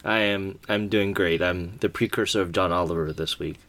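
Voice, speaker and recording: A man's voice: low-pitched, fairly even intonation, moderate pace, fairly bright tone, slight background noise. A man hosting a casual podcast, chatting animatedly and laughing easily. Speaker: podcast host. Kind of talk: casual chat.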